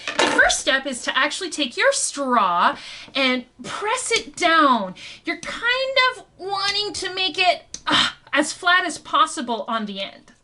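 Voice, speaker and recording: Brief: young woman science educator, playful kids' lesson, high and very animated, unhurried. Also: a little hiss or hum. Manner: playful, encouraging, asks the viewer questions. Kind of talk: online science lesson for children.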